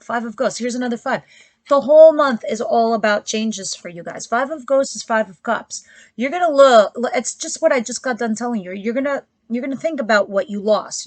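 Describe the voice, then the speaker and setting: A woman's voice: mid-range voice, no echo. A woman giving a casual tarot reading to her viewers, talking bluntly and chattily with frequent asides. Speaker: tarot reader.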